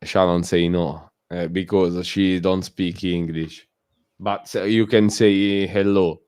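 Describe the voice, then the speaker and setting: Low, slow Italian-accented man. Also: flat delivery, a little mellow, smooth, no room sound, studio quality. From Italy. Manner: halting, many fillers and restarts. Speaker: guest caller on a community stream. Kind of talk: casual chat.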